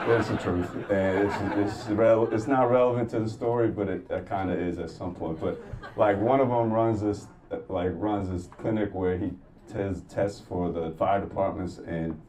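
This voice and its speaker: Profane man doing stand-up. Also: fairly low pitch. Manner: profane, animated storytelling, acting out quotes. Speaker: stand-up comedian. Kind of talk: stand-up comedy set. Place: comedy club stage before a laughing crowd. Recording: distant mic, audible room noise.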